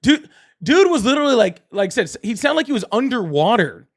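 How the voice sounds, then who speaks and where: A man's voice: very high voice, sing-song, a little fast. A young man hosting a political call-in livestream, thanking donors, laughing often and blunt with callers. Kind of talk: casual livestream chat, reading donor messages.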